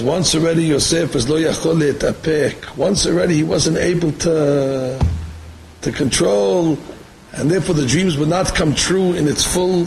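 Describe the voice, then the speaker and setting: A high-voiced man with a gravelly edge teaches a Torah sermon. He fires rhetorical questions and rattles off quotes at speed. There is a faint hiss under the voice. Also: a little mellow, low-quality recording. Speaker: rabbi giving a Torah class. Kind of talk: Torah sermon mixing English and Hebrew.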